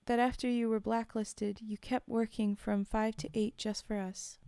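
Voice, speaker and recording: A woman's voice: on the high side, level tone, normal speed, mellow, clean tone, no room sound, studio quality, lightly acted. A woman voicing a distraught teenage girl who pleads with her father while holding back tears, read aloud from a horror story. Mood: pleading, tearful.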